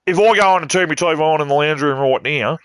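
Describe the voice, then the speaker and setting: A man's voice: a little high, fast talker, a bit bright, smooth, dry recording. An Australian man streaming a game, ranting bluntly and swearing as he talks. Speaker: gaming streamer. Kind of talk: casual ranting while playing.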